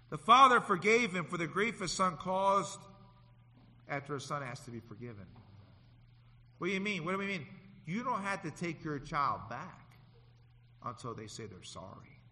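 A man preaching a sermon, swinging from loud to hushed and acting out the people in his stories. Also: fairly high pitch. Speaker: pastor. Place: church sanctuary. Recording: long hall reverb.

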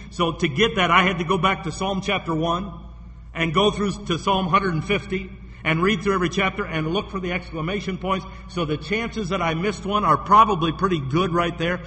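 A man's voice: high voice, pushed and bright, slight background noise. Earnest preacher man in an echoey hall. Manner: earnest, stumbling restarts, reads verses slowly. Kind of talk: sermon.

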